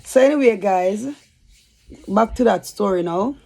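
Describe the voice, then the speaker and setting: A woman's voice: medium pitch, a little slow, darkish tone. A woman telling a rambling, chatty story for her vlog. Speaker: YouTuber.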